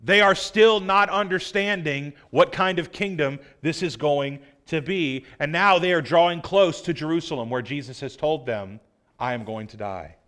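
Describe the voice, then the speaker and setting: A high-pitched man delivers a Sunday sermon. He teaches earnestly, then slips into relaxed, chatty asides to his congregation. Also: moderate pace. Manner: earnest, conversational preaching with casual asides. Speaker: pastor.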